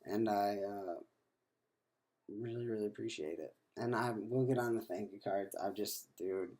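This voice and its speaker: A man's voice: fairly low pitch, a little slow, a little mellow. A man in his twenties talking in a rambling video diary, full of fillers and restarts, sounding worn out. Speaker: vlogger.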